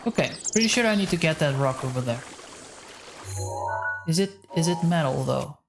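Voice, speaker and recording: A man with a soft voice chatting casually with his viewers while he streams a game, rambling as he plays. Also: on the high side, expressive, moderate pace, creaky. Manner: rambling, talks to chat while playing. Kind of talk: casual live-stream gameplay chat. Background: faint game music.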